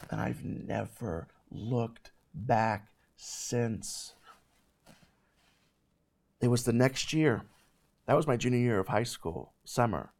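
A man's voice: on the high side, vocal fry. Man in his thirties telling a testimony. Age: 30s. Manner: animated, emphatic storytelling. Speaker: ministry show host. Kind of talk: personal testimony.

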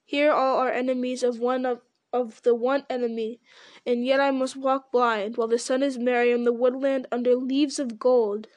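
A woman's voice: fairly high pitch, flat delivery, normal speed, a little mellow, no echo, close to an everyday voice. A woman reading as a proud elf archer. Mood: indignant. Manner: proud, indignant. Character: proud male elf archer, quick to anger.

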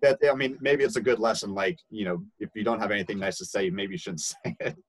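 A man's voice: fairly low pitch, quick pace, husky, no echo, rough recording. Laid-back young man telling a story. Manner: animated, laughing, acts out quoted voices. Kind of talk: casual storytelling.

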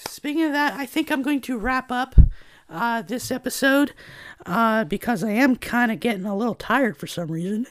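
A woman's voice: a little high, lively intonation, moderate pace, dry recording. A woman hosting a casual solo podcast, rambling along with lots of fillers. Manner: rambling, filler-heavy chatter. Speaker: podcast host. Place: at home in a trailer.

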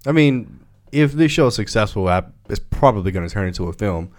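A man's voice: lowish voice, animated, a little fast, a little mellow. A man co-hosting a casual pop-culture podcast, blunt and sarcastic, swearing casually. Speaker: podcast co-host.

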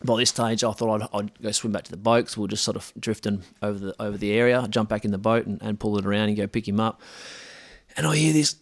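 A laid-back man spins a story for his podcast, full of slang, ums and restarts. His voice sits fairly low, and the recording is close and dry with no room sound. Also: fast, hardly any pauses, dry recording. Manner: relaxed, slangy, many fillers and restarts. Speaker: podcast host. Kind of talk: casual storytelling.

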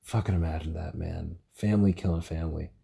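A man's voice: rumbling low, fairly even intonation, fairly quick, gravelly, mellow, husky. A young man talking casually on his own podcast, tired, stuttering and swearing as he rambles. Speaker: podcast host. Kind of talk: casual solo podcast about a TV show.

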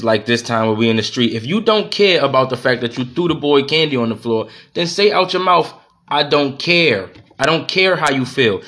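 A man's voice: mid-range voice, a bit bright. Heated, cursing man venting. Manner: profane, heated, repeats himself. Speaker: podcast host. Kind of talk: venting monologue.

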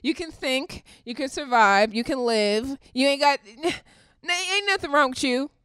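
A woman ranting straight to camera in a blunt, profane, confrontational way, swinging between loud outbursts and low muttering. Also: unhurried, no room sound, clean studio sound. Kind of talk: direct-to-camera rant.

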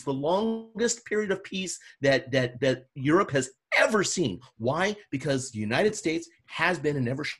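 A man's voice: fairly high pitch, big pitch swings, normal speed, hardly any pauses, a bit bright, breathy edge. A man appearing as a podcast guest, talking politics with mounting passion and some swearing. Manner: impassioned, swearing, rising to heated emphasis. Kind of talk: political discussion.

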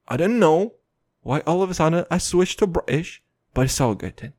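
Animated rambling young-sounding man. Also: fairly high pitch, moderate pace, dry recording, clean studio sound. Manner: rambling, profane storytelling; animated, laughing between lines. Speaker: vlogger. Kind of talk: casual late-night monologue.

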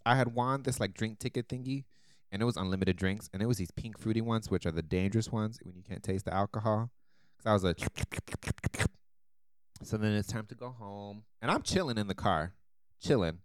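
A man co-hosting a podcast, telling a story with animated energy and laughing often. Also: on the low side, a little fast, smooth, no room sound, studio quality. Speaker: podcast co-host. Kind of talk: casual chat.

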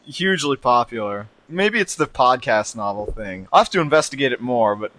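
A man's voice: medium pitch, expressive, moderate pace, a bit bright. A man hosting a podcast in casual chat, joking and laughing often. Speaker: podcast host.

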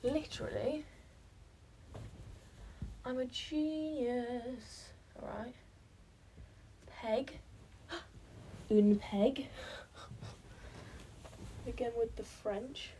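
A woman's voice: a little high, very slow, pauses often, warm tone, a little hiss or hum, poor audio. A woman vlogging in casual self-talk, out of breath and self-mocking, often dropping to a whisper. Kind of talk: casual self-talk while building a blanket fort.

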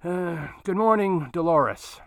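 A man's voice: a little high, very animated, normal speed, no echo, clean studio sound, pitched above the performer's own voice. A man voicing a courteous, slightly curt older man who acts as unofficial mayor of his street.

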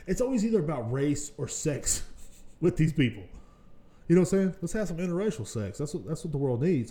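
Male podcast host, slightly high voice, foul-mouthed rant with sudden loud bursts. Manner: profane, ranting, swings between mutters and loud outbursts. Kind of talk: casual solo podcast rant.

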